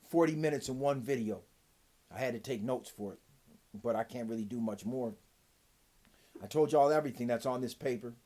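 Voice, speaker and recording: Man, vlogger, casual rant, profane, heated, dry throat, medium pitch. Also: a little fast, long pauses. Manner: profane, heated, swings from loud to low.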